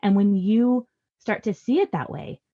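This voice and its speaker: A woman's voice: medium pitch, unhurried, phone-quality sound. A woman in her thirties giving earnest, reassuring parenting advice in a podcast conversation. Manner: earnest and reassuring, acts out parent lines softly. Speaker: parenting guest expert.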